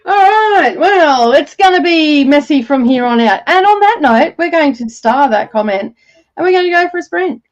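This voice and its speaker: A woman's voice: sits high, animated, normal speed, highs cut off. A woman co-hosting a reading livestream, giggling, chatting loosely and swearing casually. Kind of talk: casual chat.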